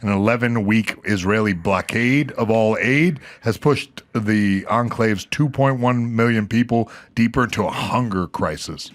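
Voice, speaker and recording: A man's voice: fairly low pitch, measured pace, few pauses. A male co-host in casual podcast chat, reading out news in a laid-back, hesitant way.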